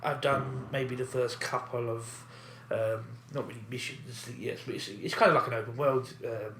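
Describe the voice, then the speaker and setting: A man co-hosting a podcast, chatting casually, animated and rambling with fillers and frequent laughs. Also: mid-range voice, moderate pace. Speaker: podcast co-host. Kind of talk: casual chat. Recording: echoey room, faint background noise.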